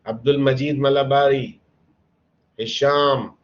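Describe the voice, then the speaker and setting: A man's voice: mid-range voice, fairly even intonation, a little slow, dull audio. A man teaching an English lesson, patiently calling on students by name and encouraging them. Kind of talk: online classroom lesson.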